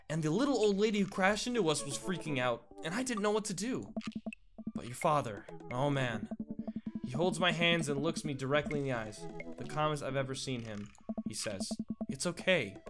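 A man's voice: a little high, lively intonation, moderate pace. A man playing a game on video, reading its dialogue aloud in a theatrical, emotive way with asides to his viewers. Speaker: gaming YouTuber. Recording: game music playing underneath. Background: game music.

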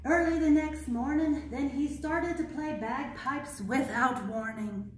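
A young woman librarian reading a picture book aloud at children's storytime, gentle and playful, asking the kids questions. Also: high-pitched, a little slow. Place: public library room. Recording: echoey room, mic far off.

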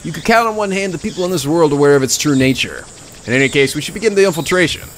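A man's voice: fairly high pitch, expressive, fast talker, a little hiss or hum, natural voice. A man voicing a dramatic, paranoid young mad scientist in a video game, delivering lines in a theatrical, conspiratorial way.

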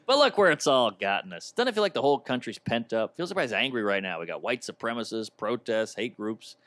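A man's voice: medium pitch, big pitch swings, quick pace, fairly bright tone, no room sound. A man performing a stand-up comedy set on stage into a handheld mic, with a wry, mock-offended delivery.

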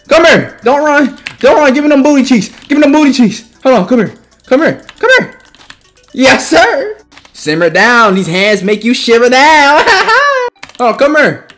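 A young man giving loud, trash-talking gaming commentary, jumping between high yells and low mutters. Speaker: gaming YouTuber.

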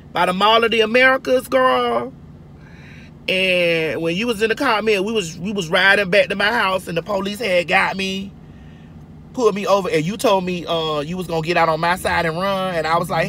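A woman vlogs casually from a moving car, telling stories in a brassy, profane way and calling her listeners girl and honey. Her voice is medium-pitched with a fairly bright tone, and there's slight background noise.

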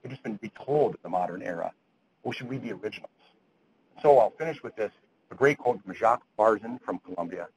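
A man's voice: fairly low pitch, expressive, a little fast, a little mellow, rough recording. Earnest man lecturing to doctors. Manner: earnest, quoting literature, many restarts. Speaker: lecturer at grand rounds. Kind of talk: lecture to physicians. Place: lecture hall.

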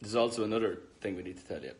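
A man's voice: fairly low pitch, rapid-fire. A young adult man singer chatting on a livestream, playful and teasing, laughing often. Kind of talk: casual livestream chat.

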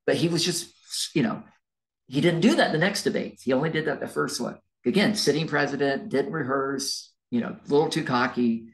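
A male history lecturer talks through a recorded class in a loose, conversational way. He rambles a bit, restarts his sentences and drops in fillers. His voice carries a gravelly edge at a middle pitch. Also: fairly quick, rough recording.

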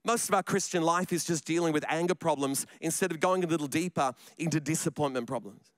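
Pastor preaching, bright clear voice. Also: male voice, on the high side, fast, no echo. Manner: conversational preacher, joking asides, repeats words. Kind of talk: sermon. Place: church.

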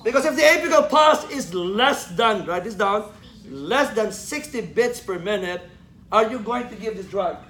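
In an echoey lecture room with faint background noise, a man teaches a class at normal speed, his voice high, expressive and fairly bright. He quizzes students, cracks jokes, and laughs at them himself.

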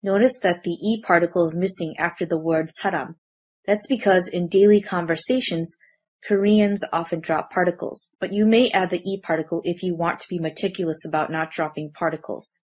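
A woman with a fairly low, husky voice narrates a scripted grammar lesson. She explains each point clearly and gives example sentences in a steady, measured way. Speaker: language teacher.

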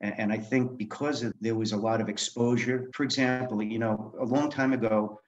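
Older male guest, low-pitched, blunt raconteur with salty language, muffled recording. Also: steady tone, a little fast. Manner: candid, swearing, laughs while telling. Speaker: guest author. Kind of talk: storytelling interview.

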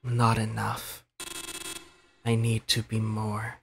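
A man's voice: on the low side, monotone, takes it slowly, creaky, noisy background. A man reading the lines of a despairing, self-loathing character in a game, weary and bitter, with bursts of swearing. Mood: despondent. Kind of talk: reading game dialogue aloud. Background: game music.

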